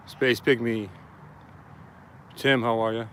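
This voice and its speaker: With a medium pitch and flat delivery, this man speaks slowly on his outdoor live stream. He's a First Amendment auditor circling a police station with a handheld camera, casually greeting viewers by name amid slight background noise.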